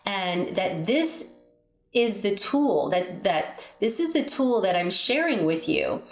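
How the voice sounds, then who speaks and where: Slow, earnest spiritual teacher woman. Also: mid-range voice. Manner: slow, earnest, softly emphatic with repeated affirmations. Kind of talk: spiritual guidance talk with guided affirmation. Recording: echoey room.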